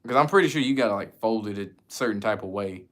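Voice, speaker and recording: A man's voice: lowish voice, quick pace. A man from the United States chatting casually as a streamer, answering viewer questions in a loose, slangy, profane way. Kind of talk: casual chat.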